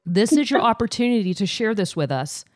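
A woman's voice: mid-range voice, sing-song, fairly quick, a little mellow. A woman hosting a podcast interview over a video call, bubbly and curious, laughing along with her guest. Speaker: podcast host. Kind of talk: casual interview chat.

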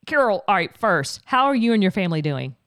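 A woman's voice: mid-range voice, sing-song, brisk, fairly bright tone, dry recording, clean studio sound. A woman hosting a podcast, asking her guest questions in a curious way. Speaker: podcast host. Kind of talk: interview.

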